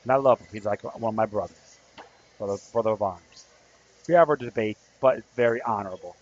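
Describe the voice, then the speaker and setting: A man's voice: on the low side, fairly quick, a little mellow. A man hosting a podcast as an activist, telling a story in a rambling, earnest casual monologue. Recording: slightly dull recording with faint background noise.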